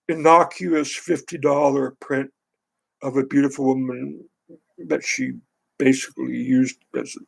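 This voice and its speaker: A man's voice: fairly high pitch, moderate pace, vocal fry, breathy edge, low-quality recording. A man reading a book aloud, then breaking off into sarcastic, indignant commentary.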